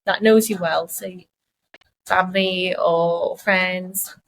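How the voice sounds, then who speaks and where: A woman's voice: fairly low pitch, fairly even intonation, slow. A woman co-hosting a casual podcast, asking questions and reflecting thoughtfully. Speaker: podcast co-host.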